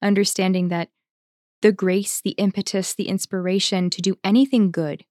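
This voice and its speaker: A woman who is a religious sister, co-hosting a faith podcast in a reflective, conversational way, pausing to think and laughing easily. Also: medium pitch, steady tone, a little mellow, dry recording, studio quality. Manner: thoughtful, pauses with fillers, laughs easily.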